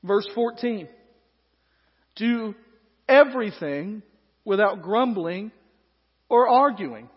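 A male pastor preaching a sermon, moving between hushed, slow passages and loud, emphatic ones. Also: high voice, animated, husky. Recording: echoey hall, dull lo-fi sound.

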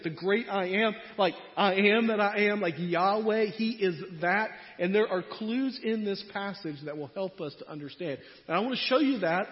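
A man preaching a sermon in a conversational way, his voice swinging between loud and quiet. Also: high voice. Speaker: pastor. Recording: muffled sound in a reverberant hall.

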